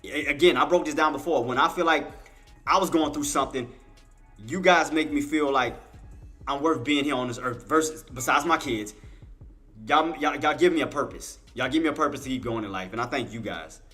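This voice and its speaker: A man's voice: fairly high pitch, fairly quick, sharp tone, soft background music. A man hosting a live day-trading stream, talking emphatically to his chat and repeating himself, at times getting emotional as he thanks viewers. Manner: turns tearful and heartfelt thanking viewers. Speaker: livestream day-trading host. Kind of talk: live market commentary to chat.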